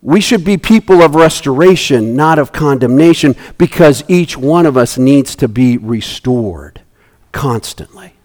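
In a sermon, a pastor animatedly plays the figures in his story, his voice swinging widely as he restarts phrases again and again. He talks at a medium pitch and a slightly slow pace.

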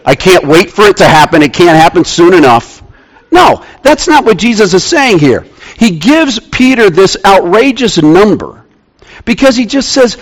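Emphatic male pastor with lively pitch. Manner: emphatic, repeats key phrases for weight; drops to quiet, slow delivery on key lines. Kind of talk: sermon. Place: church sanctuary with congregation.

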